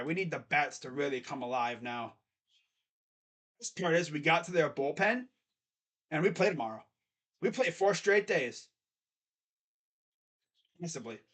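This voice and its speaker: A man giving casual live play-by-play reaction to a baseball game, talking in an excitable, rambling way as a fan. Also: a little high.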